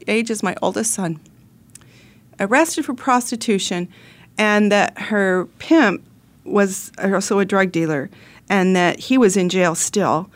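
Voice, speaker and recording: A middle-aged woman host telling a personal story in an earnest, heartfelt way, often restarting her sentences. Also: medium pitch.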